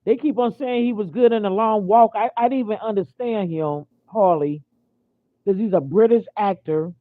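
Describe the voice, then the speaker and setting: A woman's voice: mid-range voice, moderate pace. An American woman ranting in a casual vlog, indignant and repetitive, stopping and restarting her sentences with lots of fillers. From United States. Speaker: vlogger. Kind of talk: casual opinion rant. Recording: tinny phone-like audio.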